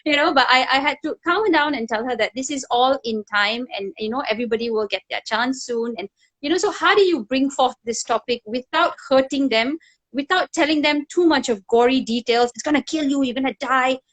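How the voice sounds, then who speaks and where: Speaking a little fast in a high-pitched voice, this middle-aged woman hosts a conversational video call interview. Her storytelling is lively, punctuated by frequent laughter.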